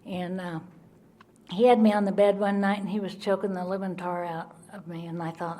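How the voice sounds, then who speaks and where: A woman giving her Al-Anon recovery testimony, telling her story in an animated way and acting out the people in it. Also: on the low side, moderate pace. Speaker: Al-Anon speaker.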